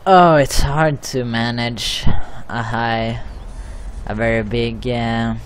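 A man's voice: medium pitch, steady tone, slow pace. A man giving casual gameplay commentary, swearing often in an exasperated way as he plays. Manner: profane, exasperated running commentary. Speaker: gaming video host. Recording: noisy background.

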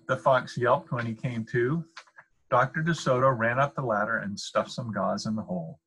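An older man with a husky voice, reading a picture book aloud as a grandfather. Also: mid-range voice, moderate pace, fairly bright tone, low-quality recording.

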